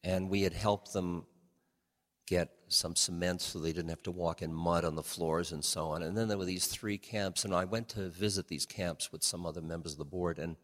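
An older man giving a relaxed storytelling talk, chuckling often and shifting his pace, recorded in a hall with long reverb. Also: low-pitched, normal speed. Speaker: speaker on change and spirituality.

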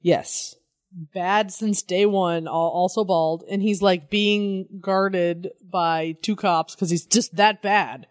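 A woman's voice: on the low side, steady tone, takes it slowly, dry recording, studio quality. A woman co-hosting a comic book podcast, chatting casually with sarcasm and plenty of swearing. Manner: sarcastic, profane, laughs often. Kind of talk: casual chat.

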